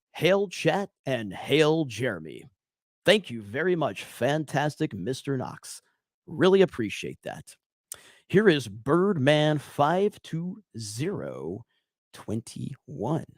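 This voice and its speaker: A man's voice: on the high side, very animated, takes it slowly, no echo, clean studio sound. A man from Alabama with a Southern accent, hosting a livestream in casual, profane, rambling chat while reading super chats. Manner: profane, rambling, self-mocking. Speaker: livestream host.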